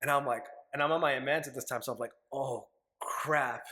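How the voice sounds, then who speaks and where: A young man in his twenties talks as a guest in a casual interview. His voice sits at an ordinary middle pitch. He tells his stories candidly, swears freely, and acts out the things he once said. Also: very fast, pushed and bright. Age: 20s. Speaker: podcast guest.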